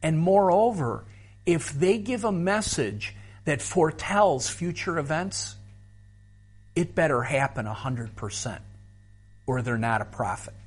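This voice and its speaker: A man teaching a seminary course on spiritual gifts, explaining terms patiently in a slow, measured way. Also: fairly high pitch, animated, slightly rough. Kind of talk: Bible teaching lecture.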